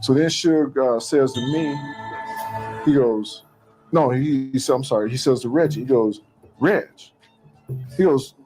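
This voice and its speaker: A man's voice: medium pitch, unhurried, pauses often, soft background music, rough recording. A man telling a story from his own past, acting out what others said to him. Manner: animated retelling, acting out quoted dialogue. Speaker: interviewee recounting events. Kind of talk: storytelling interview clip.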